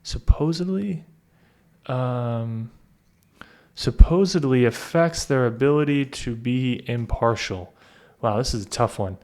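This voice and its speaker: Slow-talking man thinking aloud. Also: mid-range voice, darkish tone. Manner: thinks aloud, pauses and corrects himself mid-sentence; reads test sentences slowly and deliberately. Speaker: test-prep tutor. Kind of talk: casual walkthrough of a practice test.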